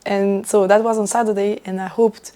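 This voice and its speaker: Hoarse young woman with a lost voice. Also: medium pitch, little pitch movement, normal speed, mellow. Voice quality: rough, broken voice. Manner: laughs often, chatty and self-mocking. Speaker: knitting vlogger. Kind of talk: casual chat to camera.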